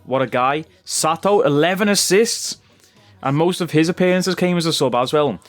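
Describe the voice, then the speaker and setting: A man's voice: a little high, moderate pace, soft background music. A young man giving casual, chatty commentary over a football management game, calling his viewers "bro". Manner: chatty, says "bro" a lot. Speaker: gaming YouTuber.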